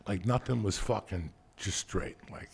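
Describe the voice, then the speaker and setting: A man telling profane, animated stories in casual chat. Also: fairly low pitch, unhurried, vocal fry, breathy edge. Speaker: podcast host.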